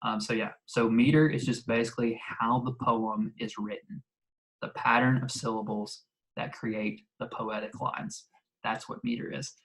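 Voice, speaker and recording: A man's voice: medium pitch, steady tone, moderate pace, poor audio. A man teaching a ninth-grade English class in a recorded remote lesson, explaining in a casual way with many fillers and restarts.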